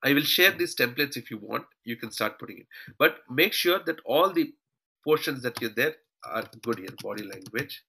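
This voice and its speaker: A man's voice: medium pitch, animated, moderate pace, creaky, sharp tone, slightly rough, rough recording. A man teaching a live online class over a shared screen, calling his students "team" and tagging his points with "okay" and "all right". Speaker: online trainer.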